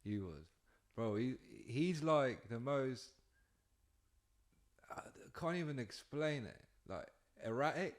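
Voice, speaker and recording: A man's voice: medium pitch, expressive, slow pace. A man from England, hosting a podcast in slangy, laid-back, sweary chat. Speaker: podcast host. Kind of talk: casual chat.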